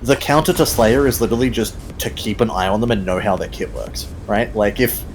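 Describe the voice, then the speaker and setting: A man's voice: fairly low pitch, fairly quick, slight background noise, low-quality recording. A man chatting while gaming, self-deprecating and swearing freely. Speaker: gaming companion. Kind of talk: casual chat while gaming.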